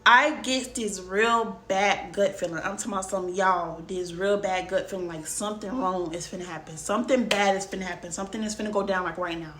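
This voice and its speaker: A woman's voice: mid-range voice, fairly even intonation, brisk, few pauses, fairly bright tone. A young woman vlogger casually telling a personal story, talking emphatically straight to her viewers. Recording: roomy room, faint background noise.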